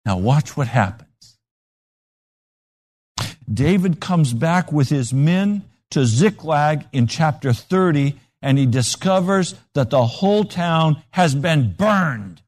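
A male preacher delivers a sermon at an unhurried pace. His voice sits a little high and swoops widely as he tells stories, and he acts out the voices of the people in them. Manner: animated storytelling with acted-out voices.

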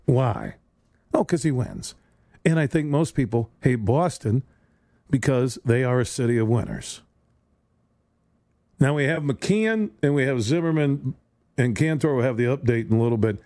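A man's voice: mid-range voice, lively intonation, normal speed, a little mellow, dry recording. A man hosting a sports radio show, talking in a rambling, sarcastic monologue with stumbling restarts, recorded on a studio microphone. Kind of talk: solo sports talk monologue.

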